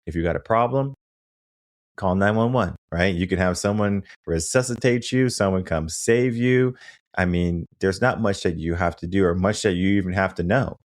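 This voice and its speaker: Emphatic deep-voiced man, dry sound. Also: normal speed, dry recording. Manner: emphatic, asks rhetorical questions. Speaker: podcast host and coach. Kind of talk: motivational conversation.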